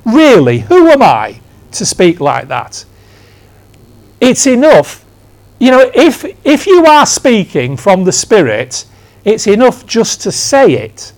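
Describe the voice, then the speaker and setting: A man's voice: sits high, huge pitch swings, slow pace. A man in his sixties from England, preaching a conversational sermon in church, telling stories with emphatic asides. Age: 60s. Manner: storytelling, emphatic, self-deprecating asides.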